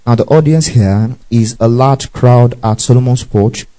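A man's voice: mid-range voice, unhurried, warm tone, poor audio. A man preaching a Bible-teaching sermon. He reads scripture aloud, breaks in to explain it, tells listeners what to underline and keeps checking that they follow.

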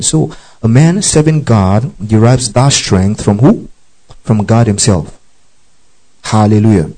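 A man's voice: fairly low pitch, takes it slowly, pauses often, warm tone, rough recording. A man teaching a Bible study, reading scripture aloud, spelling out Greek words and often asking his listeners "you see that?". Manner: checks understanding with frequent "okay?" and "you see that?".

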